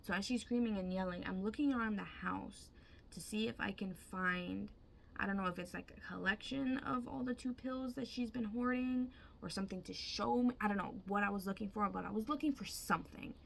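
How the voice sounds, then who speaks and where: Casual female storyteller, emphatic and profane; gravelly, faint background noise. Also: medium pitch, brisk. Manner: chatty, emphatic, swears freely. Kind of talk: casual dream retelling.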